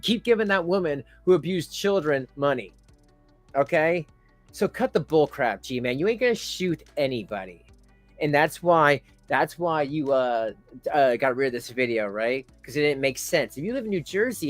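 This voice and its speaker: A man's voice: on the high side, dry recording. Rambling man hosting a commentary stream. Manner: rambling, stammering restarts, calls out "folks", flares into loud rants. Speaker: YouTube commentary host. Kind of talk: casual commentary and ranting.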